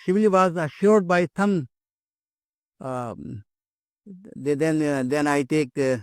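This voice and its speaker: A man's voice: fairly high pitch, slow pace, smooth, no echo. An older man giving an academic lecture, hesitant, with many fillers and repeated words.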